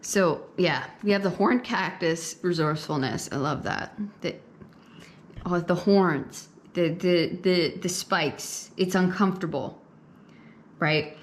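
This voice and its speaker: Lowish-voiced woman giving a casual tarot reading. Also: slow, a little hiss or hum. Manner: conversational, repeats phrases, frequent "okay?" and "right?". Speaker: tarot reader. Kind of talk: pick-a-card tarot reading to camera.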